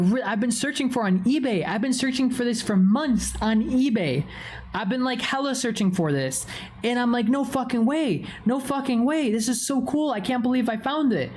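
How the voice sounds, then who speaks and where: Foul-mouthed woman streamer chatting animatedly. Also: a little hiss or hum. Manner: swears constantly, animated storytelling with big pitch swings; greets chat viewers by name. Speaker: livestreamer. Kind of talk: casual livestream chat.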